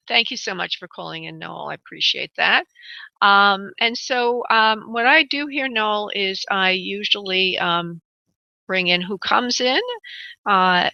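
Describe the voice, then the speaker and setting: A woman's voice: mid-range voice, unhurried, gravelly, bright, forceful tone, dry recording. A woman hosting a call-in psychic radio show, chatty and rambling, calling callers honey and darling. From United States. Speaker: psychic medium radio host. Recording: dull lo-fi internet radio audio.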